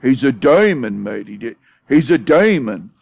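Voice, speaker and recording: A man doing an impression of a scornful British man with a British accent, who loudly drawls his insults in a mocking way. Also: medium pitch, big pitch swings, unhurried, gravelly, no room sound, heavily acted. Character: scornful British man calling someone a demon.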